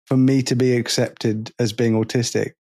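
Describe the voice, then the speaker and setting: A man co-hosting a podcast, chatting casually and telling lively stories, acting out the people he quotes. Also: mid-range voice, normal speed. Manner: animated storytelling, acts out quoted people. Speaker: podcast co-host. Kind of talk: casual chat.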